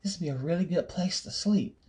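A woman's voice: fairly low pitch, a little fast, warm tone, lightly acted. A woman voicing a sleepy, carefree young princess from a cartoon, in a dreamy, drowsy way.

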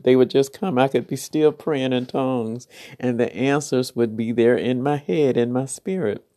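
Woman host, late-night devotional talk, mellow and drowsy, tender and rambling. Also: rumbling low. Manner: tender, affectionate, rambling with repeated "oh, yes". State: half sleepy. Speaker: podcast host and spiritual encourager.

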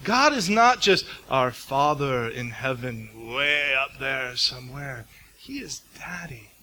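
A man preaching a sermon in an earnest way, dropping softly on intimate words and speeding up as he tells stories. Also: mid-range voice, expressive, takes it slowly, slight background noise, poor audio. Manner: earnest, speeds up when telling stories, drops to soft intimate tones.

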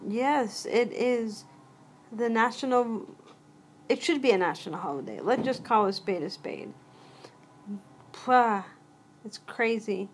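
A woman's voice: a little high, animated, takes it slowly, long pauses, slight background noise. A woman hosting her own solo podcast, talking casually in a rambling way and often cutting herself off mid-thought. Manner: rambling, interrupts herself, chatty asides. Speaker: podcast host.

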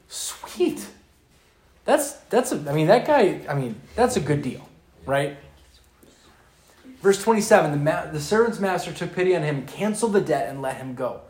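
A man's voice: on the high side, sing-song, moderate pace, a little mellow. A man preaching a sermon, retelling a scripture parable in casual, modern slang. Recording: echoey room.

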